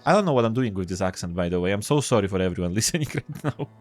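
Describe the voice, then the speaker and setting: A man's voice: sits low, lively intonation, rapid-fire, darkish tone, faint music behind. A man casually commenting on a game as he plays, joking and swearing as he reads the text aloud. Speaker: gameplay video host.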